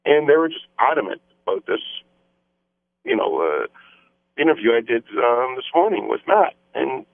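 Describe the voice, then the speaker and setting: A man's voice: mid-range voice, very animated, moderate pace, gravelly, no room sound. A man, a mayor calling in to a radio interview, repeating emphatic campaign talking points. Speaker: mayor, phone-in guest. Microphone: telephone. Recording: tinny phone line.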